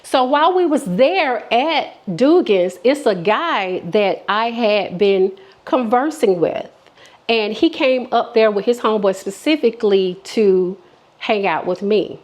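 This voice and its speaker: A woman's voice: a little high, animated, a little slow. Candid woman telling a storytime. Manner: candid, chatty, many fillers and restarts, quotes people. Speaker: vlogger. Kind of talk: casual storytime.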